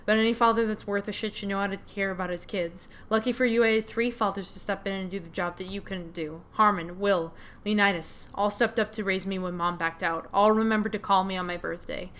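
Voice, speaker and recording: A woman voicing a hurt, angry young woman confronting her family, read in a steady, bitter tone while playing a game. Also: mid-range voice, brisk, few pauses, close to an everyday voice. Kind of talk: reading game dialogue aloud.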